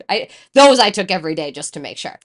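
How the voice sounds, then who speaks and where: Speaking a little fast in a lowish voice, this podcast co-host shares a personal story on a casual chat show. She's animated, cursing freely and performing the voices of everyone she quotes.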